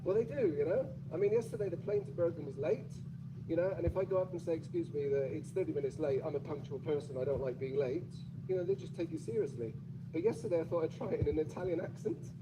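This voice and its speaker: Man with a British accent, public speaker, playful and audience-teasing; slightly high voice, noisy playback. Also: quick pace. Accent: British English. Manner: chatty, playful, asks the audience questions. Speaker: conference speaker.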